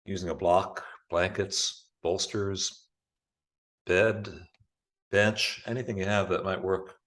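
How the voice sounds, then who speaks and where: A man teaching a yoga class over a video call, giving calm, unhurried cues for breathing and poses. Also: low-pitched. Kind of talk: guiding a live online yoga class.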